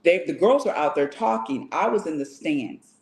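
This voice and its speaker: A woman's voice: sits low, moderate pace, vocal fry, roomy sound. A woman co-hosting a casual live talk show, telling stories and acting out the voices of others. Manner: animated storyteller, acts out voices. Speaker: podcast co-host. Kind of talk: casual chat.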